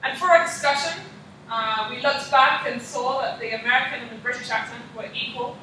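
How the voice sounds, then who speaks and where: A woman's voice: on the high side, brisk, bright, forceful tone, a little hiss or hum. A young woman, a student, practicing a class presentation and reading from prepared slides with frequent ums. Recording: echoey room, mic far off.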